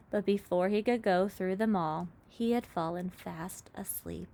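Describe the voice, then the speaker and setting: A woman reading a children's story aloud in an expressive narrating voice. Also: medium pitch, measured pace, few pauses. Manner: expressive, lively. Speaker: reader.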